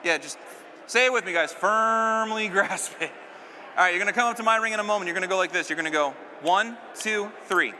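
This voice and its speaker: A man's voice: sits high, a little fast, pushed and bright, in a large hall, slight background noise. A man performing stage magic on a live stage, keeping up joking banter with a volunteer and the crowd.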